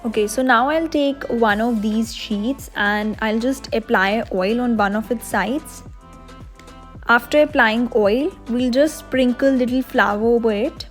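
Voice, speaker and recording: A woman's voice: a little high, unhurried, soft background music. Woman walking through a recipe, step by step. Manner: clear step-by-step explaining. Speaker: cooking channel host. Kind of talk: recipe instruction voice-over.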